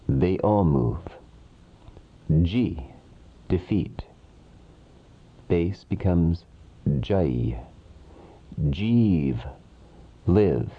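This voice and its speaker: A man teaching a language, reciting verb forms in a steady rhythmic chant and dropping lower to give the English meanings. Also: drawn-out words, long pauses, breathy edge. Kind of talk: recited grammar drill. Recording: dull lo-fi recording.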